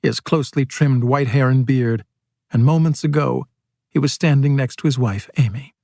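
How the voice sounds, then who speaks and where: A male audiobook narrator with a mid-range voice reads in a steady, measured way. The sound is close and dry, with no room around it. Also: medium pitch, creaky, no room sound.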